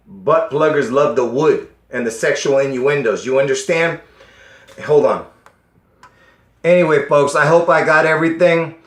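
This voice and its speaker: Man, high-pitched, insistent, keeps asking "you understand", strained coughing voice, echoey room. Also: a bit bright. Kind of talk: casual monologue addressing viewers.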